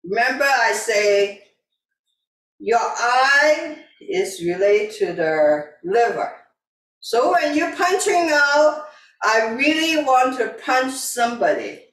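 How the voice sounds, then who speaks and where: A woman leads a tai chi session at an unhurried, slow pace, calmly repeating cues to breathe in and out. Her voice comes from some distance away in an echoey room. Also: a little high. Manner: calm, repetitive breathing cues, simple non-native grammar. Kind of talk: guiding an exercise class.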